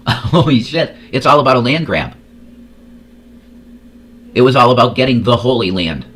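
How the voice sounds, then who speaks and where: A man's voice: medium pitch, very animated, unhurried, a bit bright. A man hosting a casual reaction show, talking crudely and rambling, repeating words as he goes. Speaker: host.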